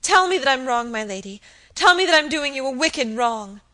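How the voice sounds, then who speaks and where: A woman voicing a distraught young maid who pleads and sobs in a high, loud, frantic voice. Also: lively intonation, moderate pace. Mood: pleading.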